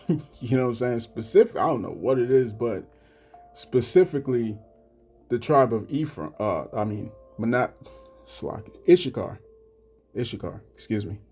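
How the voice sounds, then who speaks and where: Halting mellow-voiced man preaching. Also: mid-range voice, expressive, husky, soft background music. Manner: halting, repeats "you know what I'm saying". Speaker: religious commentator. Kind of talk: scripture commentary vlog.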